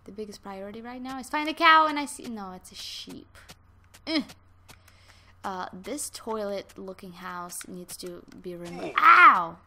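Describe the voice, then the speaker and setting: A woman's voice: mid-range voice, lively intonation, a little slow, sharp tone. Chatty woman narrating her game. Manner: chatty, talks to animals in game, sudden squeals and whispers. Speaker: gaming channel host. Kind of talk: casual let's-play commentary.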